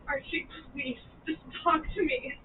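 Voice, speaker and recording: A woman's voice: high voice, steady tone, measured pace. An actress playing a middle-aged mother anxiously pleading with her son, heard in a played-back TV clip. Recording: tinny distant clip played back with faint hiss.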